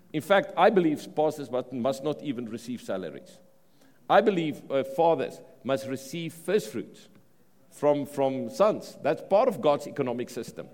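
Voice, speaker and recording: South African preacher in a reverberant hall. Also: male voice, a little high. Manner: animated preaching, repeats words and restarts phrases. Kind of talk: sermon. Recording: long reverb of a large hall.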